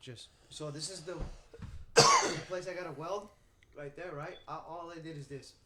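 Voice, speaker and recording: A man in his twenties, co-hosting a podcast in a small room, tells stories with lots of swearing and animated bursts. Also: on the high side, unhurried, a loud crowd. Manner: animated storyteller, heavy swearing. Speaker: podcast co-host. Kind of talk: casual chat. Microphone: podcast mic at a table.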